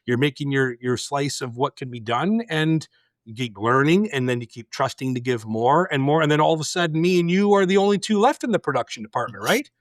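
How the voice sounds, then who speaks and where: Middle-aged man, blunt and intense, animated storyteller, dry close sound. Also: medium pitch, a little fast, no room sound. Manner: blunt, intense storyteller acting out quoted dialogue. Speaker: podcast host. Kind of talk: casual storytelling chat.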